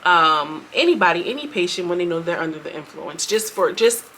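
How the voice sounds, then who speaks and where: A young adult woman giving a chatty, animated recap, acting out quotes in quick bursts. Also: fairly low pitch, slight background noise. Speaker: show reviewer. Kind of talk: casual recap commentary.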